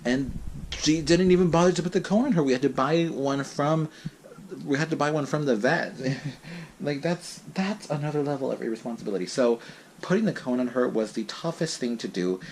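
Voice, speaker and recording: A man's voice: medium pitch, fairly quick, darkish tone, a little hiss or hum. A young man telling a home vlog story in a chatty, dramatic way with many restarts. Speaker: vlogger. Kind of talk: casual vlog talk.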